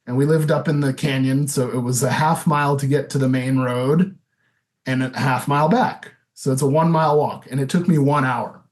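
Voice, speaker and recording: A man's voice: mid-range voice, steady tone, normal speed. Candid man in his thirties. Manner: candid, loose, full of fillers. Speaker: podcast guest. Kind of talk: casual interview storytelling.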